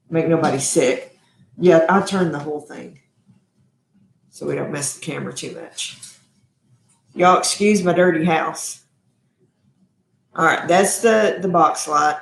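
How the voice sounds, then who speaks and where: A woman's voice: sits low, unhurried, vocal fry, pauses often, reverberant, a little hiss or hum. A woman hosting a live cooking stream from her home kitchen, chatty and effusive, calling her viewers y'all. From Texas. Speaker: cooking show host.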